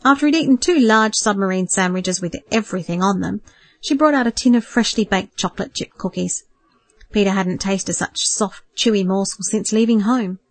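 A woman narrating a novel in a calm, measured storytelling voice, read close to the mic. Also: medium pitch, no room sound. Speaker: audiobook narrator. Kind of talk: scripted narration.

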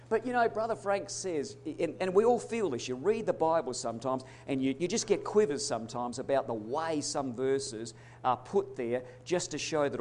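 A man preaching a sermon, emphatic, swinging between loud declarations and hushed asides. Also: medium pitch, slight background noise. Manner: addresses congregation as brothers and sisters.

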